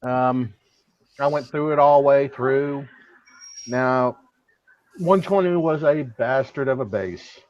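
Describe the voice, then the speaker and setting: Give me a relaxed guy chatting about games over a dull, lo-fi voice call. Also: mid-range voice, slow pace, pauses often, no echo. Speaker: guest gamer. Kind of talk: casual gaming chat.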